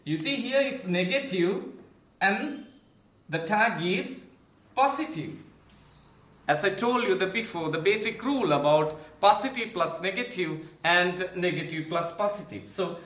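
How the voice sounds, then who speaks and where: A man teaching an online English grammar lesson, explaining slowly with many "uh" fillers, then saying example sentences with clear rising and falling intonation. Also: high-pitched, sing-song, fairly bright tone, echoey room.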